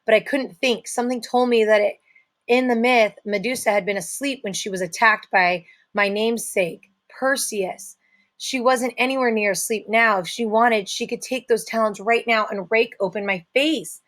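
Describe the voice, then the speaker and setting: A woman's voice: on the high side, moderate pace, a bit bright. A woman reading a novel aloud, telling the story in the first person. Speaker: audiobook reader.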